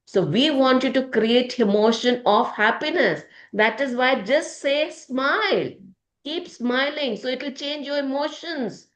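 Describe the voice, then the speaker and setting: A woman with a high, unhurried voice leads a motivational positivity group, her words echoing in a reverberant space. She speaks emotionally and calls on members by name.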